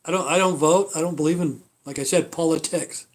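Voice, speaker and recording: A man's voice: a little high, brisk. Blunt, profane man ranting casually. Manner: profane, blunt, repetitive fillers. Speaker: livestream host. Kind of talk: rambling casual rant.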